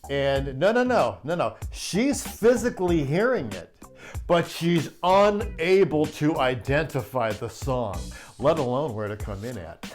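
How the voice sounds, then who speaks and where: A middle-aged man who works as a live sound crew chief tells a backstage anecdote, chatting and laughing as he acts out quotes. His voice is a little high with lively intonation, his pace a little slow, and soft music plays in the background.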